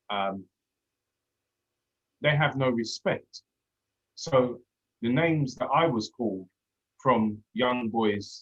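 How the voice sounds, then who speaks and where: A man in his thirties from London with a Cockney accent, a former police officer talking earnestly and reflectively in a casual discussion. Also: medium pitch. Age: 30s. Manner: earnest, reflective, with frequent restarts. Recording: dull lo-fi audio.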